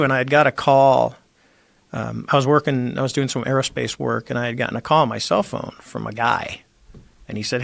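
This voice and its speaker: A man's voice: mid-range voice, a little fast, creaky, no room sound. A middle-aged man, a former Navy squadron commander, telling a story in casual conversation and acting out the quoted lines. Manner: animated storyteller, acts out quoted dialogue.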